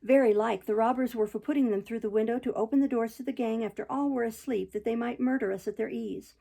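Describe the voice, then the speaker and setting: A woman reading aloud and voicing a gruff, hostile male servant who accuses harshly. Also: on the high side, fast, warm tone.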